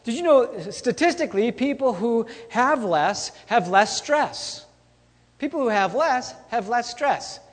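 A pastor with a high-pitched voice delivers a relaxed, conversational sermon, often repeating a point and checking in with the room. His voice carries a long reverb from the church hall. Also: a little slow. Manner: conversational, repeats key lines, frequent "okay?" and "all right?". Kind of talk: casual sermon.

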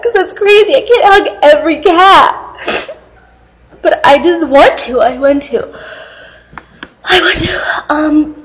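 A woman's voice: sits high, rough recording. A young woman recording a dating profile video, tearful and overwrought, laughing and crying as she talks. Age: young adult. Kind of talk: comedic dating video monologue.

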